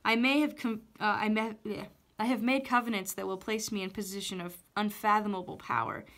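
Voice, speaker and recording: A scheming, wounded witch, read by a woman in a storybook chapter. She speaks in a coaxing, haughty way, with a mid pitch. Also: steady tone, fairly quick, fairly bright tone, natural voice.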